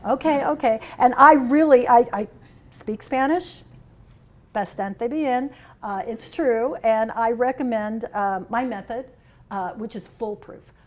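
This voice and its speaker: A middle-aged woman speaks at a conference, with a fairly high voice. She is humorous and expressive, swinging between loud, playful asides and quieter serious points. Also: takes it slowly, lo-fi sound. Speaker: union president giving a keynote. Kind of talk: conference speech with personal stories. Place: conference hall.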